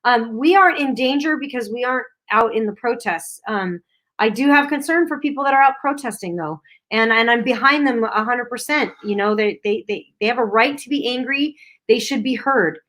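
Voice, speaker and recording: A middle-aged woman co-hosts a casual livestream, talking in a slightly higher register. She greets viewers by name and reads their comments with loose, filler-heavy chat. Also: normal speed. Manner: chatty, warm reading of viewer comments with frequent fillers. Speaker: livestream co-host.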